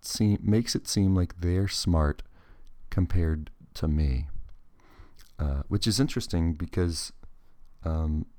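Solo podcast host, man, slow and dark-toned, meandering and self-mocking. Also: sits low, no echo. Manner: rambling, digressive, self-deprecating. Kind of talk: casual solo podcast monologue.

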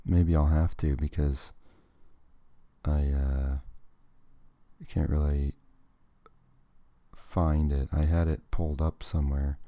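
A man's voice: a bass voice, little pitch movement, slow pace, pauses often, no echo, dull audio. A man hosting a podcast alone, rambling from one thought to the next with a self-deprecating, digressive manner. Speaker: podcast host. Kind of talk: casual solo podcast monologue.

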